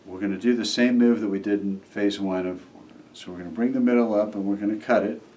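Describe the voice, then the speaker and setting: Male magician, lower register, easygoing how-to delivery; records a bit off the mic. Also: quick pace, distant mic, a little hiss or hum. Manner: relaxed, acts out the kids' replies while demonstrating. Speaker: magician teaching a trick. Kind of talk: casual how-to explanation.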